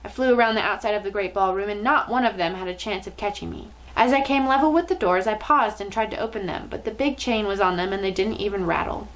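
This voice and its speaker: A woman reading a children's novel aloud with expressive, dramatic storytelling. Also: mid-range voice, fast, hardly any pauses, rough recording.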